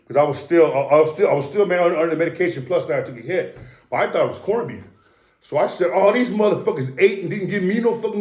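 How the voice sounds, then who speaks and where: A man's voice: on the high side, echoey room. A middle-aged man telling boastful, profane stories in a casual interview. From Samoan American. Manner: profane, boastful, animated storytelling. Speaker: interview guest.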